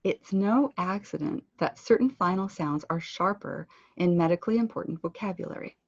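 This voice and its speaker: Gravelly Canadian woman teaching pronunciation. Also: lowish voice, normal speed, no room sound, lo-fi sound. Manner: clear instructive delivery, drawing out words for drill. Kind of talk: web conference lesson.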